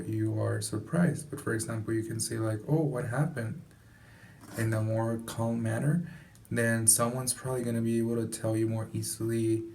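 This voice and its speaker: A man's voice: lowish voice, gravelly, a little mellow. Man giving a casual talk, off-mic. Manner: casual, conversational, demonstrates examples aloud. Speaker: presenter. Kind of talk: informal explanatory talk. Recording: distant mic with faint background noise.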